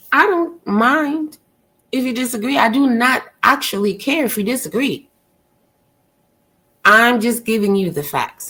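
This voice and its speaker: A woman on a live stream gives an opinionated rant in blunt, exasperated tones. She talks at a middle pitch, pressing her points with rhetorical questions and the odd curse. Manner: loud and gushing when she greets a viewer. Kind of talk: ranting live stream commentary.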